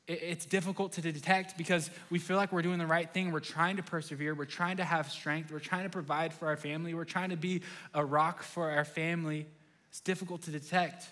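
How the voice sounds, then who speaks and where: A man's voice: high voice, bright, forceful tone. A young adult man preaching a sermon as a pastor, telling stories with animation and acting out his own thoughts in quoted lines.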